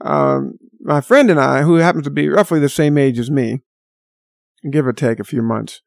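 Older male storyteller, exasperated and sardonic, high gravelly voice. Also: very animated, moderate pace, no room sound, clean studio sound. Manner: rambling, exasperated, sardonic asides. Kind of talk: rambling personal anecdote.

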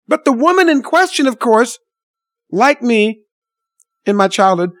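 A man's voice: extremely high pitch, big pitch swings, unhurried, pauses often, fairly bright tone, no echo. Blunt, indignant man talking to viewers. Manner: blunt, indignant storytelling with mild swearing. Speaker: vlogger addressing viewers. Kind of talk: unscripted spoken monologue.

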